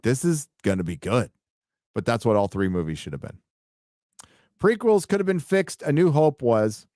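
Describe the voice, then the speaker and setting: A man's voice: fairly low pitch, dry recording, studio quality. Rambling, profane man hosting a livestream. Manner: rambling, profane, excitable, reads donor messages aloud. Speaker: livestream host reading super chats. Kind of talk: casual late-night livestream chat.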